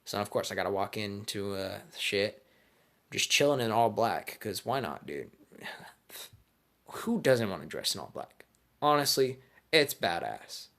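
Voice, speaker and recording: A man's voice: lowish voice, expressive, a little slow, vocal fry, pauses often, a bit bright. A man casually telling a made-up fan story, crude, slangy and rambling.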